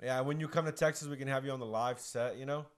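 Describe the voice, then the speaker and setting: A man co-hosting a podcast in casual chat, laid-back and laughing often, with a slightly rough throat. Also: medium pitch, steady tone, quick pace. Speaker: podcast co-host.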